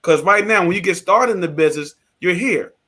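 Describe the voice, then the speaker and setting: A man on a business panel discussion, speaking in a halting way that turns animated, often repeating words. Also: high voice. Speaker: co-host.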